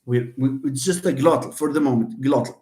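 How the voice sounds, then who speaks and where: A Moroccan-accented male lecturer leads a live online phonetics lesson, switching languages and sounding out examples. His voice sits at a middling pitch, with a roomy echo around it. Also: a little fast, a little mellow. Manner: switches between English and Moroccan Arabic, jokes with students, demonstrates sounds. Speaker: university lecturer.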